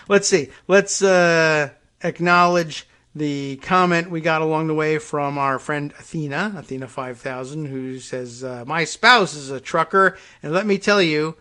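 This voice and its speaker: A man's voice: mid-range voice, fairly bright tone. A male host delivering a rambling, sarcastic monologue on a talk show, with plenty of hesitations and asides.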